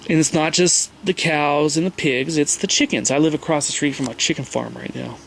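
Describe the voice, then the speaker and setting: A man's voice: on the high side, fairly even intonation, a little fast, vocal fry, slight background noise. Rambling man lecturing over slides. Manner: loose and digressive, checking in with "right?" and "okay?". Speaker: host giving a talk with slides. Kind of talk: casual lecture.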